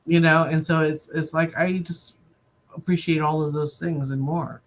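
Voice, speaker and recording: A woman in her sixties, an animal communicator guest on a livestream, telling stories in a lively way and acting out little dialogues. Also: sits low, moderate pace, slight background noise. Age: 60s. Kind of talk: casual livestream interview. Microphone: video call.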